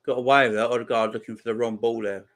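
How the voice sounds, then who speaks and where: A man's voice: little pitch movement, fast talker. A man hosting a live football watchalong, giving casual commentary and chatting back to viewer comments. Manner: reacts loudly to chances on the pitch. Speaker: watchalong host.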